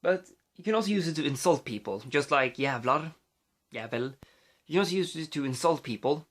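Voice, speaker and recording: A man's voice: fairly high pitch, expressive, fairly quick. A man with a Swedish accent, a native Swedish speaker, vlogging casually into his phone, rambling with many fillers and restarts.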